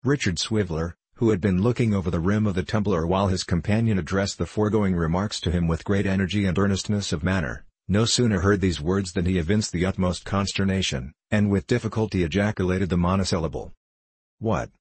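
A man narrating a classic novel in a measured, even storytelling manner. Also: deep voice, slightly rough, dry recording. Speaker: audiobook narrator.

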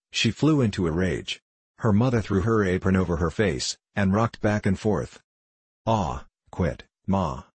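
A man reads a novel aloud in a steady, measured audiobook style. His voice is deep and a little husky, and the recording is dry and close with no room sound. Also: dry recording. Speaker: audiobook narrator. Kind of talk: scripted narration of a novel.

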